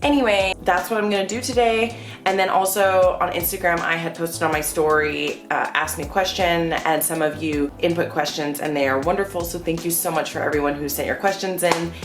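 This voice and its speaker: Young American woman vlogger, lowish voice, chatty and lively, roomy bedroom sound with faint music. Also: brisk. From United States. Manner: chatty, animated, with frequent fillers. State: out of breath. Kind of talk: casual Q and A vlog. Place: indoors at home, bedroom.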